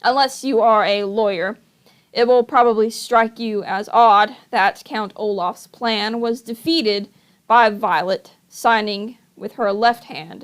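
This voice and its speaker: A woman reading a children's novel aloud, with measured, wry storytelling. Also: on the high side.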